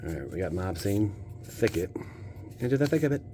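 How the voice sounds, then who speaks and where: An American man with a fairly low voice riffs playfully through a casual pack-opening session. He jokes and talks straight to his viewers. A faint hiss sits under the recording. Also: animated, a little fast, dark tone. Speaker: channel host opening card packs.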